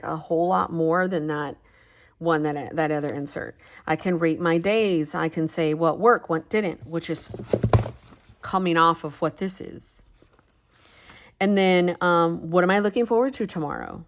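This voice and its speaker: Candid rambling woman, low voice. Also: unhurried. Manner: rambling, candid, swears casually. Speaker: planner vlogger. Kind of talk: casual chat about journaling.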